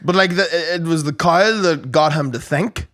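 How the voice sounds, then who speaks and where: A man's voice: fairly high pitch, moderate pace, a bit bright. A man co-hosting a podcast, bantering casually and reacting with laughter. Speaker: podcast co-host. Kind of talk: casual chat.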